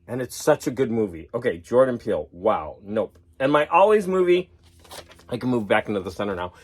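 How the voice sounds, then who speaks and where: A man chatting casually in a vlog, excited and laughing at himself as he geeks out over comics. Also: medium pitch, brisk. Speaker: vlogger. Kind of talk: casual chat.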